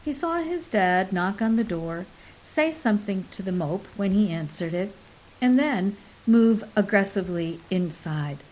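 Slow, measured woman narrating a novel. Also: medium pitch, lively intonation, a little mellow, low-quality recording. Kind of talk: audiobook narration.

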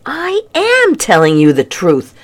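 A woman voicing a defensive, scheming young girl with a whiny, pleading voice that climbs high. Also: huge pitch swings, slow, heavily acted. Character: pushy pink-haired girl, defensive and scheming.

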